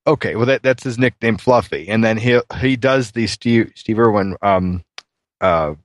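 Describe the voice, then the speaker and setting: Halting, laughing male storyteller. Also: lowish voice. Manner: halting storytelling, many fillers and restarts, laughs a lot. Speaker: podcast co-host. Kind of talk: casual chat.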